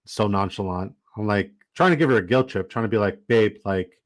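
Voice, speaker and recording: A young man casually telling his viewers a long story, animated and rambling, with lots of "like". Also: fairly low pitch, brisk. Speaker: fantasy football streamer.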